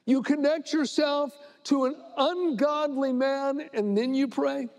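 A male pastor delivers a sermon in a strikingly high voice, reading scripture and then retelling it in a loose, conversational way. He pushes into sharp, emphatic indignation when he argues a point. His voice rings out with a long reverb, as if from a big hall. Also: slow, creaky.

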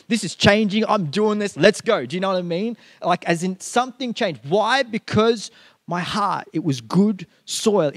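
A male pastor with a high-pitched voice delivers a chatty sermon, heavy with fillers and quick restarts. The sound is close and dry, with no room echo. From India. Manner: conversational, with frequent fillers like "like, as in".

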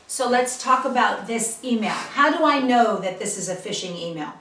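A woman's voice: fairly high pitch, animated, normal speed, fairly bright tone, recorded from a distance. Chatty woman teaching, echoey room. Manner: chatty, emphatic, checks in with "okay?" and "all right?". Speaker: channel host teaching online safety. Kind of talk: casual tutorial. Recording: roomy, from the mic.

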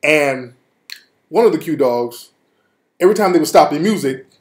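Brief: lively, high-pitched male host telling funny stories, echoey room. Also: moderate pace. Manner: animated, profane, laughing. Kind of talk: comedic storytelling. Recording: roomy echo.

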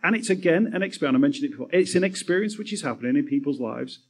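A man's voice: on the high side, expressive, rapid-fire, breathy edge. A man hosting a live on-stage interview, earnest and repeating words as he builds his thoughts. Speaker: podcast host, interviewer.

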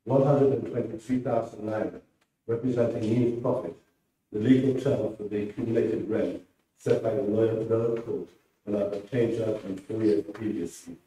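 A man, a writer, reading his prose aloud in a steady, measured way at a presentation. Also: on the low side, a little hiss or hum. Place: presentation room. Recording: roomy hall from far off.

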